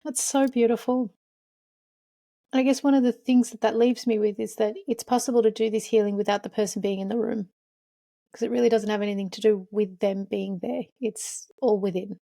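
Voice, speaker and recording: Woman host, mellow dry voice, affirming her guest. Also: medium pitch, steady tone, moderate pace, gravelly, no echo. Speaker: podcast host. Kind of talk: interview conversation.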